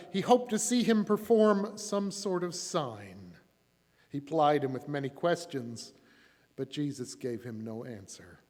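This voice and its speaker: A man with a fairly high voice reads scripture dramatically inside a church. His words ring out with a long, lingering reverb from the hall around him. He varies his voice and volume for each quoted speaker. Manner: expressive, shifts voice and loudness for quoted speakers. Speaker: church reader. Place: church sanctuary.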